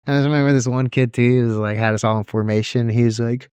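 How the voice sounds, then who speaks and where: A man co-hosting a podcast, chatting casually and telling animated stories, often mimicking people in a higher voice. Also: quick pace, few pauses, clean tone, no room sound. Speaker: podcast co-host. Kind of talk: casual chat.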